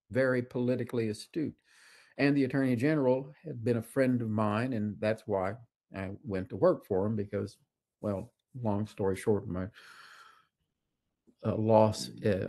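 A man lecturing a class in a loose, rambling way, stopping and restarting his sentences. His voice sits at a middle pitch with a gravelly, crackly texture. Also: a little mellow. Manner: rambling storyteller with frequent "uh" and restarts. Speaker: college government professor. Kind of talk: casual, anecdotal lecture.

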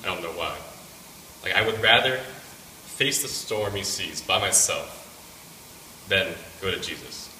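A man's voice: low-pitched, lively intonation, measured pace, long pauses, bright, forceful tone, a little hiss or hum. A young man casually telling a personal faith testimony to a student group, rambling with many fillers. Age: young adult. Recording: echoey room picked up from a distance.

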